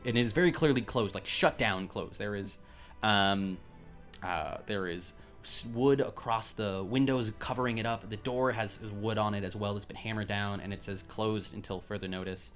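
A man narrating as game master of a tabletop game, describing scenes in a relaxed way with frequent ums. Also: on the low side, moderate pace, soft background music.

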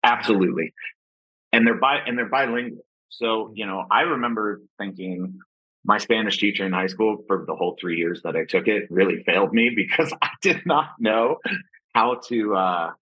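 A man's voice: on the low side, normal speed, slightly rough, no echo. A man from Ohio, a podcast guest, chatting casually with lots of fillers and a self-deprecating manner. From Ohio, USA. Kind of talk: casual interview talk. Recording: dull, slightly muffled sound.

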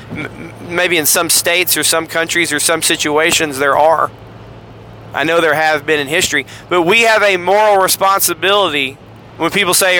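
A man's voice: a little high, bright, forceful tone, slight background noise. A man with a Southern US accent hosting a podcast, casually retelling Bible passages and acting out the quoted lines in voices. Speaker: podcast host.

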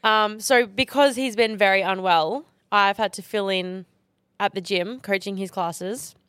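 Woman co-host, mid-pitched, blunt and foul-mouthed, casual podcast banter on a dry close mic. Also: unhurried, a bit bright, clean tone, no echo. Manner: blunt, swears freely.

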